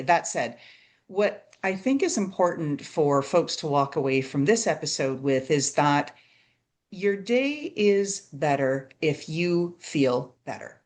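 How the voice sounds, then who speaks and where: Low-voiced woman hosting a podcast. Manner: chatty, tags statements with "right?". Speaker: podcast host. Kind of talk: conversational interview.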